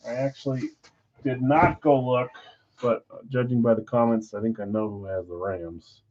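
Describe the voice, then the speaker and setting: Male break host, mid-pitched, upbeat countdown calls, slightly dull stream sound. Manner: energetic countdowns, chatty with viewers; auctioneer-like rapid calls. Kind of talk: live-streamed card break commentary.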